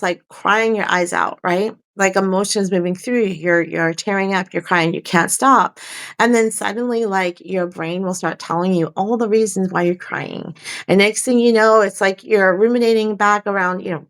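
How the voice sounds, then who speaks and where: A woman with a middle-pitched voice gives spiritual coaching on a live stream. Her talk is soft and reflective. She circles back and repeats her key phrases. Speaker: life coach.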